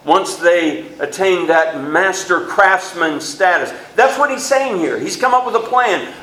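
A man preaching a sermon with a high voice. His pitch leaps upward when he stresses a point. The sound comes from a church sanctuary with an echo that rings through the room. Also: lively intonation, measured pace, few pauses, a bit bright. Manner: preaching with sudden rises in pitch and emphasis.

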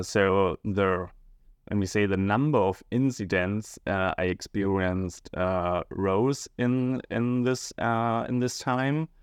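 A male schoolteacher answering interview questions hesitantly, often pausing and searching for words. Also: deep voice, clean tone, dry recording, clean studio sound. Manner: hesitant, many fillers and restarts, searching for words.

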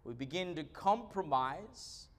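A man's voice: fairly high pitch, animated, takes it slowly, fairly bright tone. A man, a pastor delivering an emphatic sermon with frequent "uh" fillers.

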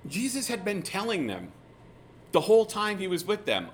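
A man's voice: sits high, moderate pace, a little hiss or hum. Casual male Bible teacher. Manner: casual, animated retelling of scripture scenes.

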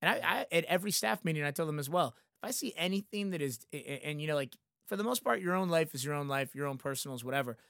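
A man's voice: a little high, fast, vocal fry, hardly any pauses, no echo, clean studio sound. A man in his thirties who manages concerts, chatting casually and rambling with lots of fillers. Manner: animated, rambling, frequent "like" fillers. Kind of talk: casual podcast chat.

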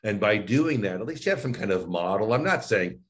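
A man, a voice and speech coach, chatting in an interview with lively, animated phrasing and frequent laughs. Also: lowish voice, a little fast, a crowd in the background. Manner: animated, demonstrates intonation with exaggerated phrasing; laughs often, restarts sentences. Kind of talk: casual interview talk.

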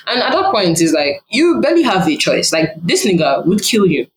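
A Nigerian woman talking as a podcast guest, blunt and animated, swearing freely as she talks. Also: medium pitch, brisk. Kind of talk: casual podcast conversation. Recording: roomy echo, faint ambient noise.

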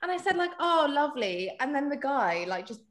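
A woman's voice: high voice, very animated, brisk, fairly bright tone, roomy sound. A woman from South Africa co-hosting a podcast in a chatty, casual way, often laughing and acting out quotes. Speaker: podcast co-host. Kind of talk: casual chat.

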